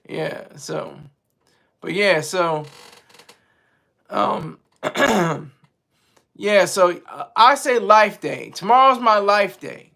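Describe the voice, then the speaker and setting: A man with a high, bright, sharp-edged voice talks loosely to his live-stream chat. He wanders from point to point with firm opinions and pauses now and then to hunt for a word. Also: gravelly. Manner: rambling and opinionated, searching for words mid-sentence. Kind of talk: casual monologue.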